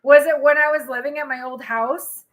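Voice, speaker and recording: A woman hosting a live tarot reading, chatting in an animated way and answering her viewers' comments. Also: high-pitched, moderate pace, highs cut off. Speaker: tarot reader and healer.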